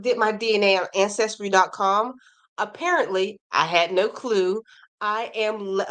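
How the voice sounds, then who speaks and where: Female crochet streamer, mid-pitched, chatty, reacts warmly to comments, casual live talk. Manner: chatty, reads viewer comments aloud, animated reactions. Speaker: crochet livestream host. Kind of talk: casual livestream chat reading comments.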